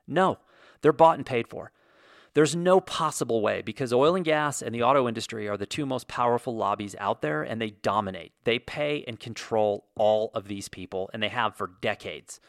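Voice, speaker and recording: A man's voice: mid-range voice, no room sound, studio quality. A man from the United States hosting a vlog, giving an opinionated monologue in a ranting, sarcastic way with lots of fillers. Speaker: video host.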